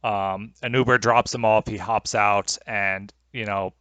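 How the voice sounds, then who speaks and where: A man's voice: on the low side, fairly even intonation, measured pace, fairly bright tone, dry recording, highs cut off. A young man narrating as game master over a video call, rambling and hesitant with many fillers.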